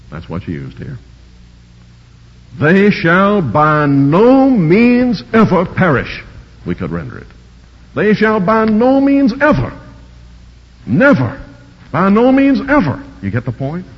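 Man, preacher, sermon, emphatic repetition, scholarly, husky voice, lo-fi recording with hall echo. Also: medium pitch. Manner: emphatic, repeats key words with swelling force; scholarly, explains Greek grammar. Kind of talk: sermon expounding scripture. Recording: dull lo-fi recording with long hall reverb.

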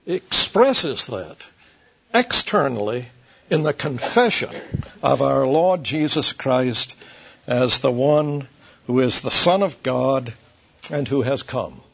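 A man preaching an expository sermon to a congregation, slow and deliberate, emphatic, with light asides to his listeners. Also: medium pitch, expressive, creaky, breathy edge. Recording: dull lo-fi sermon recording.

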